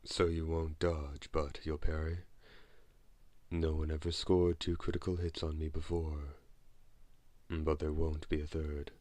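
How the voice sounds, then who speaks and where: A man's voice: very deep voice, flat delivery, measured pace, a little mellow, no room sound. A man doing a smug vampire knight. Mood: taunting. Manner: taunting. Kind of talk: audiobook character voice.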